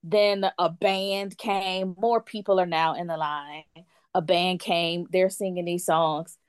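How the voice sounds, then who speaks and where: A woman in a casual chat, telling a story in an animated way and acting out what other people said. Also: on the low side, slow, clear, resonant tone, dry recording. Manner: animated, acts out quotes of others. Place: lives in France.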